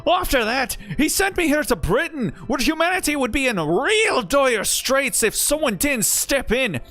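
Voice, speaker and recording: A brash fantasy god speaks through a young caster's body in a broad, caricatured Irish lilt, as a man puts him on. The voice is pitched up and bounces widely. The delivery sounds strained and exaggerated, with faint music behind it. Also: big pitch swings, a little slow, bright, forceful tone, full character voice. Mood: hammy. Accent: caricatured fantasy Irish (put on).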